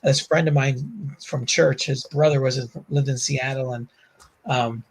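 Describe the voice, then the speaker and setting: A man's voice: mid-range voice, unhurried, slightly rough. A man with a Bronx accent, a comic creator, chatting casually and telling rambling stories full of fillers. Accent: Bronx New York. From the Bronx, New York. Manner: rambling, animated storytelling with frequent fillers and laughs. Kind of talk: casual chat.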